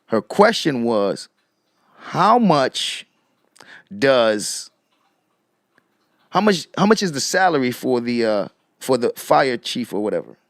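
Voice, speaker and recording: A man hosting casual live commentary, repeating rhetorical questions to his viewers and shouting out people in the chat. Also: mid-range voice, very animated, slow, long pauses, no echo, studio quality. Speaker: commentary streamer.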